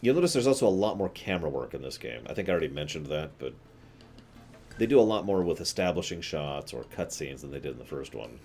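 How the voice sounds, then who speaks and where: Deep-voiced chatty game streamer man. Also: very animated, quick pace, a little mellow, faint music behind. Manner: chatty, offhand asides. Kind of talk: casual game commentary.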